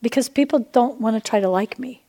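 A woman preaching a charismatic sermon, testifying with passion and swinging between hushed and loud delivery. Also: fairly high pitch, fairly quick, vocal fry.

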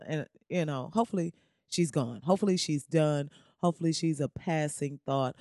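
Young woman podcast host, loose comedic rant, slangy and animated, dry close mic. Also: extremely low pitch, no echo. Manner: animated, slangy, beatboxes and riffs.

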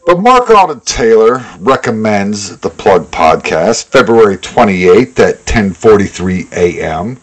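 A man's voice: on the low side, sing-song, measured pace, hardly any pauses. A man co-hosting a podcast, talking bluntly and profanely in casual chat with frequent tangents. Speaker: podcast co-host.

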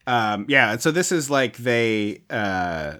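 A man co-hosting a podcast in a relaxed, casual chat about a movie. His voice sits in a middle pitch, and he gets enthusiastic as he retells scenes. He slips into quick impressions of characters' lines. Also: smooth. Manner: enthusiastic, acts out quoted lines. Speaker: podcast co-host.

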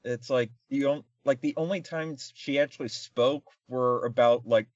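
A man's voice: medium pitch, moderate pace, no echo, lo-fi sound. Rambling sarcastic man reviewing a film. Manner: rambling, sarcastic, many fillers. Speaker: podcast co-host. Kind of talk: casual comedic film review chat.

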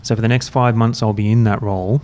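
A man hosting a podcast, chatting in a relaxed, rambling, self-mocking way while drinking beer. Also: lowish voice, fast, slight background noise. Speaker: podcast host. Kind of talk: casual chat. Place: university room, drinking beer.

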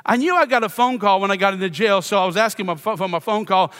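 A man's voice: high voice, fast talker, fairly bright tone. A middle-aged man from Louisiana, a pastor preaching a sermon with a self-deprecating, playful personal story. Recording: long reverb of a church hall.

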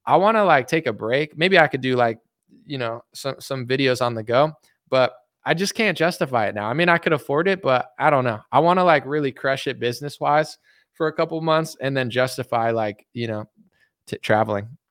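A man's voice: medium pitch, brisk, a bit bright, no room sound, clean studio sound. A man hosting a casual livestream, reading out chat and making sarcastic, joking asides.

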